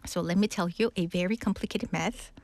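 A woman's voice: fairly low pitch, a little fast, vocal fry, darkish tone. A woman whose first language is Korean, co-hosting a casual chat and explaining listener questions, slipping Korean words into her English. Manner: chatty, mixes in Korean words, frequent laughs. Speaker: co-host answering listener questions. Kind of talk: casual radio-style chat.

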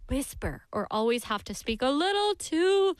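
A woman hosting a casual chat show, playful and quick to giggle. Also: high-pitched, big pitch swings, dry recording. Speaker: show host.

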